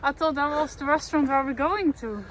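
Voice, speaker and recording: A woman's voice: high voice, a little fast, a bit bright, a little hiss or hum. A woman walking along on a travel vlog, chatting casually and giggling, heard a little away from the camera. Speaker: travel companion. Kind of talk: casual chat. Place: outdoors on a coastal walking trail.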